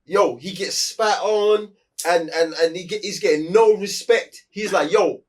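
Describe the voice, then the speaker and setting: A man's voice: high-pitched, measured pace, far from the mic. A young man, rambling through a casual review chat with slang and restarts. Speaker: podcast co-host.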